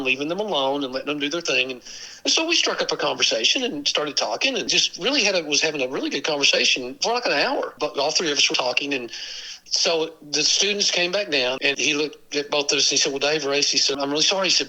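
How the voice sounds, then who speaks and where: A man tells stories as a podcast guest. His voice is piercingly bright and forward. He acts out the quoted lines, jumping up in pitch for each character. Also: poor audio. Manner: animated, acts out quoted dialogue with big pitch jumps. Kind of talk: storytelling in an interview.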